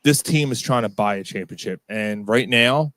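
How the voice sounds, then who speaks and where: A man's voice: lowish voice, normal speed, no room sound. A man co-hosting a sports podcast, chatting loosely and swearing freely. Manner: loose and profane, animated. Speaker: podcast co-host. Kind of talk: casual sports chat.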